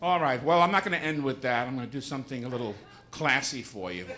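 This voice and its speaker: A man's voice: medium pitch, quick pace, a loud crowd. A male stand-up comedian on a theater stage, chatting playfully with the audience between bits. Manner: chatty, playful set-up patter. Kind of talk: stand-up set. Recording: noisy live audience laughter.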